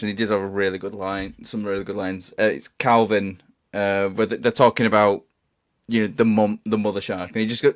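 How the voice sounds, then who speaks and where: A man co-hosting a casual film podcast, rambling and halting, who laughs often. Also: on the low side. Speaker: podcast co-host.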